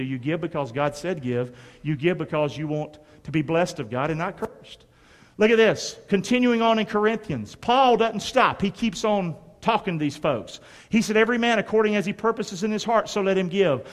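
A man's voice: sits high, long reverb tail. A man preaching a sermon as pastor, emphatic and drawing the congregation to respond. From North Carolina.

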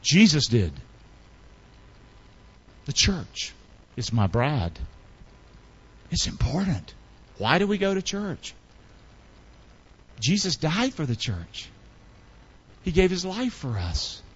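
Animated preaching man, high and lively. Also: slow pace, long pauses, slightly rough. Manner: call-and-response preaching, quizzing the congregation; animated, swings between loud bursts and low asides. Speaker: pastor. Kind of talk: sermon.

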